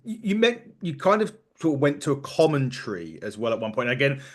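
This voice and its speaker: A man hosting a podcast, asking relaxed, conversational questions. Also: medium pitch, quick pace. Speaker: podcast host. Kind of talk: casual interview.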